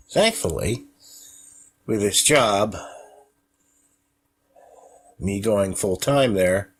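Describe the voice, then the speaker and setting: A sick, out-of-breath man hosting a casual solo podcast from home, wheezing and pausing every few sentences to catch his breath. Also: fairly low pitch, fairly bright tone, husky. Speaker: podcast host. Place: at home with a cat on him.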